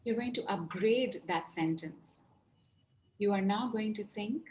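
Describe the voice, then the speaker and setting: A woman's voice: mid-range voice, a little mellow. A woman facilitator guiding a group exercise over a video call, stretching out her instructions with emphasis. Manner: slow, drawn-out instructions, emphatic. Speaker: workshop facilitator.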